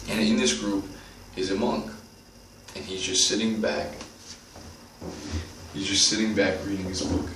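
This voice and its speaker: Earnest deep-voiced man giving a pep talk. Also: little pitch movement, normal speed, a bit bright. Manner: earnest, repetitive, addresses viewers directly. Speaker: motivational video host. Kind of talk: motivational monologue. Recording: roomy, distant from the mic, faint noise.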